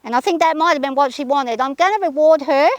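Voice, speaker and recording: A woman riding a horse outdoors, talking her nerves out loud and soothing her mount in a casual vlog. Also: sits high, fast, no echo. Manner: anxious, thinking aloud, soothing her horse. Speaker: horse rider vlogger. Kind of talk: casual narration while riding. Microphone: camera held by a companion.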